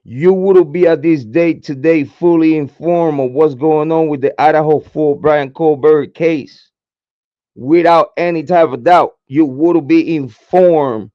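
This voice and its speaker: Hoarse, slow-talking livestream host. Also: male voice, fairly high pitch, highs cut off. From Puerto Rico. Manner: profane, repetitive hype chants. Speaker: true crime livestream host. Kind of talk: hyped livestream chat. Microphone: desk microphone, camera off.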